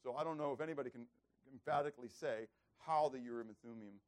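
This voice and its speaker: A man's voice: mid-range voice, fast talker. A man preaching a bible lesson, asking rhetorical questions and acting out characters. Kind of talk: bible teaching sermon.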